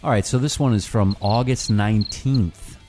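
A man's voice: fairly low pitch, normal speed, a little mellow, soft background music. A man co-hosting a podcast in casual chat, reading listener emails aloud with joking asides.

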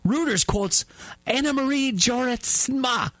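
A man's voice: on the high side, wildly swooping pitch, moderate pace, fairly bright tone, husky, no room sound. A man anchoring a spoof news segment, reading stories in an exaggerated newsreader manner and laughing at his own jokes. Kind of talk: mock news reading with banter.

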